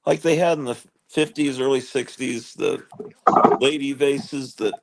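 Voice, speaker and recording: A man hosting a livestream in casual chat, rambling and halting with many restarts. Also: mid-range voice, fairly even intonation, gravelly, slight background noise. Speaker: livestream host.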